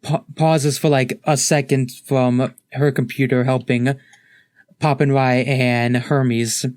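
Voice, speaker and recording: A man's voice: mid-range voice, flat delivery, slow pace, darkish tone, clear, resonant tone, dry recording, studio quality. A man narrating a tabletop game as game master in a casual, rambling way with many fillers.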